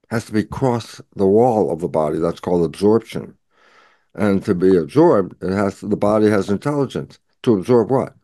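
A man's voice: low voice, brisk, warm tone, no room sound, clean studio sound. A man speaking as a guest scientist in an interview, explaining at length and acting out imagined back-and-forth dialogue.

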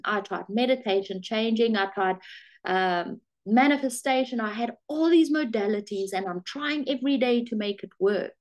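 A middle-aged woman life coach talking straight to her viewers, animated and acting out her own thoughts in quotes. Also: on the high side. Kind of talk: direct-to-camera coaching talk.

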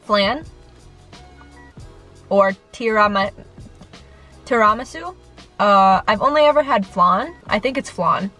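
A woman's voice: mid-range voice, animated, a little slow, bright, forceful tone, soft background music. A young woman vlogging to camera in a rambling, self-deprecating casual chat, a little nervous. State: sweaty and nervous.

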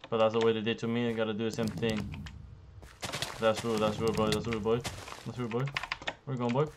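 A young man giving profane, frustrated commentary while playing a survival game, jumping between loud outbursts and low muttering. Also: flat delivery, fairly quick, pauses often. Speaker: gaming YouTuber. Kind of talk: profane live gameplay commentary.

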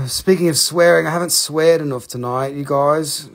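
A man's voice: a little high, fairly even intonation, unhurried, breathy edge. A man hosting a live-stream rock and mineral sale, talking casually into a handheld phone, joking, teasing viewers and swearing freely.

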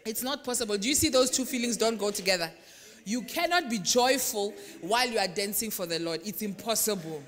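Animated woman preaching in a reverberant hall. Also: medium pitch, brisk. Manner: animated, swings from quiet to loud, acts out congregants. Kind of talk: sermon. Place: large church hall.

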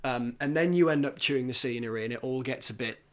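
A man hosting a podcast in casual chat, animated, often restarting and mimicking actors. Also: medium pitch, quick pace. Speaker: podcast host.

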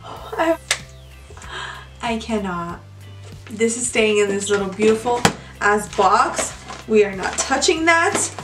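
A young woman chatting casually to her viewers as she unboxes beauty products, gushing and excitable. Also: mid-range voice, a little slow. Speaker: beauty vlogger. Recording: echoey room, mic far off, music behind.

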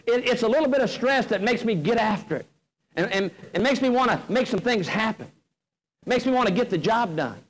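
High-voiced folksy man telling a story. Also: a little fast, rough recording. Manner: folksy, animated storyteller with comic timing. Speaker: motivational speaker. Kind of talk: humorous storytelling speech. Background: audience laughter.

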